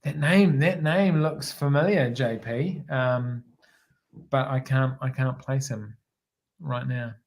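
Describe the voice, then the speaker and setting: A middle-aged man with a New Zealand accent, a former helicopter pilot telling a story as a guest on an interview show, relaxed and rambling, often restarting and repeating words. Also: mid-range voice, takes it slowly.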